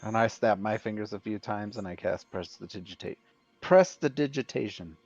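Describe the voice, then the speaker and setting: A man's voice: fairly low pitch, lively intonation, normal speed, darkish tone, dull audio. A man playing in a tabletop game, describing his character's actions. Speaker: player. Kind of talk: casual tabletop role-play.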